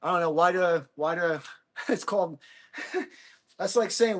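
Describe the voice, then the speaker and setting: High-voiced whooping livestreamer man. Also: moderate pace. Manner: energetic, whooping, talking to chat between hits; blunt and combative toward trolls. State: exerting himself while hitting a ball. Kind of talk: casual livestream chat while training.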